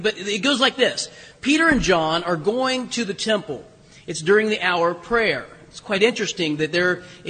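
A man's voice: high-pitched, bright, forceful tone, husky, in a large hall. A man preaching a sermon as pastor in a church, telling the story conversationally with humor and plenty of restarts. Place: church sanctuary.

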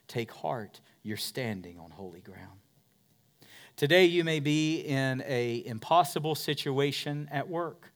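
A man preaching in an unhurried, measured way, mid-pitched, in a church. He swings from near-whispers to loud, ringing peaks. Soft music plays faintly behind him. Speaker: pastor. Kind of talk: sermon. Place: church in a converted warehouse.

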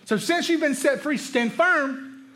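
High-voiced man preaching emphatically. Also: measured pace, sharp tone. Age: adult, father of a young son. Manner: emphatic, conversational preaching with rhetorical questions. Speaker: pastor. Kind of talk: sermon.

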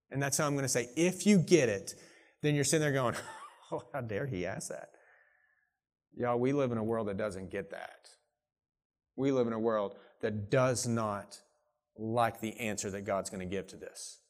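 A man who is a pastor preaching a sermon, earnest and swinging between hushed, intimate moments and emphatic declarations, a parent of young children. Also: mid-range voice, moderate pace. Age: young adult or middle-aged, parent of young children.

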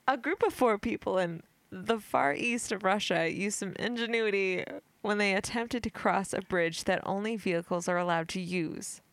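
A woman's voice: medium pitch, moderate pace, dry recording. A woman hosting a podcast, reading a news article aloud in casual chat, giggly and stumbling over words. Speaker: podcast host.

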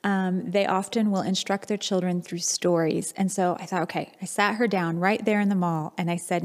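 A woman's voice: lowish voice, fairly even intonation, normal speed, hardly any pauses. A woman in her thirties, a pastor, preaching a sermon and telling a personal story in a candid, reflective way. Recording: long hall reverb.

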